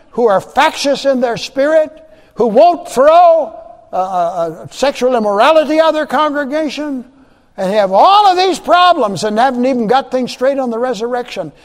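High-voiced preacher in a reverberant hall. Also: male voice. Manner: emphatic preaching, repeats phrases, rising and dropping loudness. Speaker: pastor. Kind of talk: sermon.

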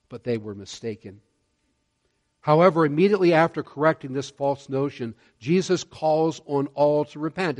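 A man preaching a sermon, earnest and measured, slowing down to stress key words. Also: a little high. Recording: long hall reverb.

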